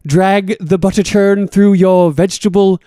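A man's voice: sits high, fairly even intonation, measured pace, mellow, no room sound, clean studio sound, pitched above the performer's own voice. A man voicing a pompous, condescending older prison escapee who talks in mannered euphemisms. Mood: haughty.

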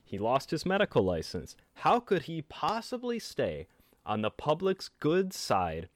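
Man, podcast host, reading history aloud, lively swooping pitch, dry close sound. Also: unhurried, dry recording. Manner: animated storytelling with lively pitch.

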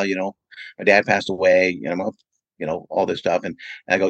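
A man's voice: low voice, quick pace, no echo, highs cut off. A man who promotes events, answering interview questions with long, rambling anecdotes full of "you know". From California, USA. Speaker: event promoter and radio DJ, podcast guest. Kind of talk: casual interview storytelling.

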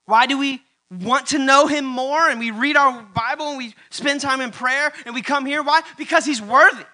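A man preaching in church, his voice high and bright, repeating key lines and climbing to loud, emphatic peaks. A faint mains hum sits under the recording. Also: moderate pace. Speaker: pastor. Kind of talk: sermon.

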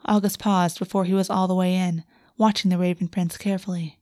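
A woman reading a fantasy romance aloud as narrator, in a soft, steady storytelling voice on a close microphone. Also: fairly low pitch, brisk, dry recording. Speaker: audiobook narrator. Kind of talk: scripted narration.

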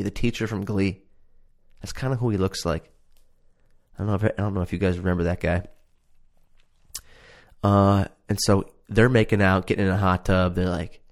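A man casually ranting about a reality show he watched, profane, sarcastic and exasperated. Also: fairly low pitch. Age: adult. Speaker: show reviewer.

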